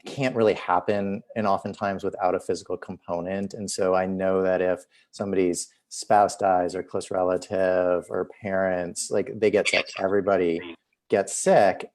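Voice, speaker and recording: A physician and host talking casually on a video call, telling stories with lots of filler words. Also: male voice, low-pitched, a little mellow. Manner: chatty, many "like" fillers. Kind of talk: casual conversational storytelling.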